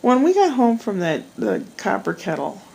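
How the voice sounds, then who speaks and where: A woman's voice: mid-range voice, big pitch swings, normal speed, gravelly, a little mellow, breathy edge, poor audio. A middle-aged woman chatting casually at home at night in a rambling, self-deprecating vlog. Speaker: vlogger. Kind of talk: casual chat.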